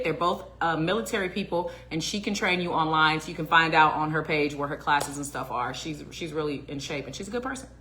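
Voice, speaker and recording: A woman hosting a podcast, playful and animated, with crisp, careful diction. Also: mid-range voice. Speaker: podcast host, voice actor. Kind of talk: casual chat.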